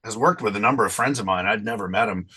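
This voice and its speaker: A man's voice: fairly low pitch, fast, sharp tone, breathy edge. A man in his fifties, an interview guest, chatting casually with a rambling, self-deprecating manner and frequent laughs.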